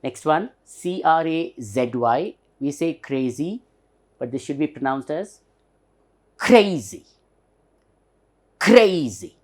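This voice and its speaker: A man with an Indian English accent teaching a lesson, slowly repeating and stressing the example words. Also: a little high. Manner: slow, repeats example words several times; stretches and stresses the demonstrated words. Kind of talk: recorded classroom lesson.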